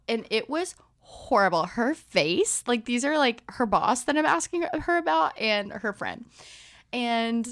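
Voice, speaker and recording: Bubbly young woman co-hosting, very lively. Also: on the high side, slow pace, no echo, studio quality. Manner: bubbly storyteller, laughs often, acts out quotes. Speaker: podcast co-host. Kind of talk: casual chat.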